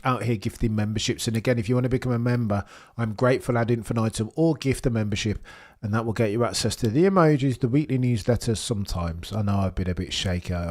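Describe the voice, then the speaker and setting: A man with a fairly low voice hosts a live watchalong, rambling from one thought to the next. He jokes and gets excitable while he talks to his chat, sometimes with food in his mouth. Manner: eating while talking. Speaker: livestream host.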